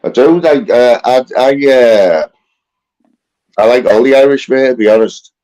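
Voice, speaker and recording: A man's voice: mid-range voice, a little slow, dark tone. A man with a Scouse accent, chatting in a laid-back, rambling way. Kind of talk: casual chat. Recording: dull lo-fi audio.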